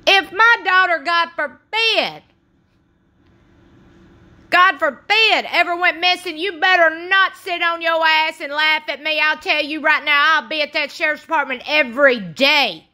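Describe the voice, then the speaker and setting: A woman's voice: high voice, a little slow, sharp tone. A woman hosting a true crime channel, giving earnest, pleading and indignant commentary. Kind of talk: impassioned commentary.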